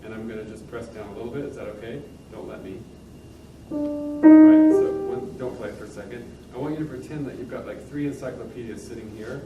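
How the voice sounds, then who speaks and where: A man's voice: medium pitch, brisk. A man coaching a pianist in a master class, encouraging and demonstrating at the piano as he talks. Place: room with a piano. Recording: roomy sound from a distant mic with loud piano.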